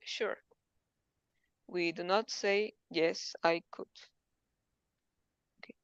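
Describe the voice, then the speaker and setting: A woman's voice: fairly low pitch, fairly even intonation, very slow, smooth, dry recording, highs cut off. A woman student reading textbook passages aloud in an English lesson, carefully and with hesitant fillers.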